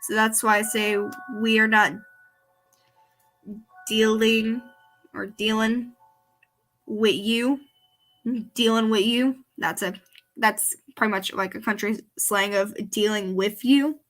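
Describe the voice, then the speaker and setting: A woman's voice: medium pitch, steady tone, a little slow, fairly bright tone, faint music behind. A woman with a Southern country accent, chatting casually as she reacts to her old videos and explains things as she goes. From American South, countryside.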